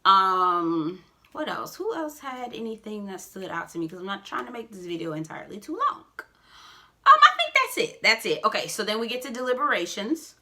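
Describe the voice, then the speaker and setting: A woman giving a casual, sassy recap of a reality show, with expressive asides and big swings in pitch. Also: normal speed.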